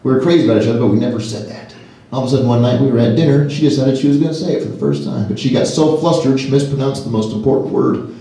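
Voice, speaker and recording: Self-mocking comedian in an echoey hall. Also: male voice, racing, mellow. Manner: self-deprecating, with sudden high-pitched silly voices for quoted characters. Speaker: stand-up comedian. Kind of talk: stand-up comedy set. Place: large hall with a live audience. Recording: echoey hall from afar, crowd laughter.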